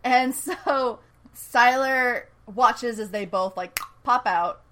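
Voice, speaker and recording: Woman, podcast co-host, animated storyteller who acts out the lines and laughs easily. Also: on the high side, takes it slowly, low-quality recording. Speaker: podcast co-host recapping a TV episode. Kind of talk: casual chat.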